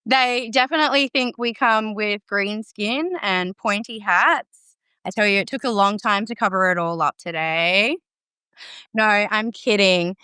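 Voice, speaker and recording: A woman's voice: medium pitch, unhurried, bright, forceful tone, clean tone, no room sound, studio quality. A woman guest on a podcast, talking in casual chat, confident, emphatic and playful. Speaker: podcast guest, green witch.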